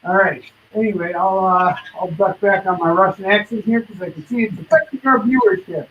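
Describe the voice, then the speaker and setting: A man hosting a live comic sale, his fairly high voice running quick sales patter. He sounds a bit away from the mic, and the stream audio is dull and lo-fi with faint noise behind. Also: far from the mic. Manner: hyped, hustling salesman patter.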